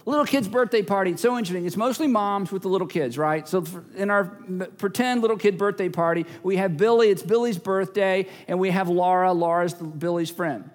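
A man's voice: high voice, a little fast, hardly any pauses, long reverb tail. A male pastor preaching a sermon, emphatic and repeating key phrases, now and then acting out little everyday scenes.

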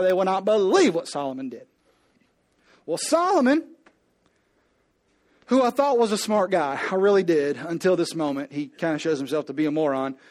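A man preaching a sermon with humor, telling the story playfully and acting out the characters in quick voices while speaking to the congregation. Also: high voice. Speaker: pastor.

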